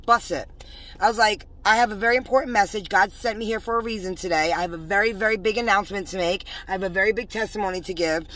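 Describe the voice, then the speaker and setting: A woman's voice: mid-range voice, fast, a bit bright. A woman telling a story in a vlog. She is fervently religious, agitated and rambling, and uses many fillers. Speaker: religious vlogger.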